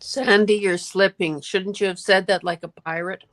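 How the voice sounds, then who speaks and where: A woman's voice: medium pitch, steady tone, moderate pace. A woman helping on a live sale stream, teasing and hesitant with uhs.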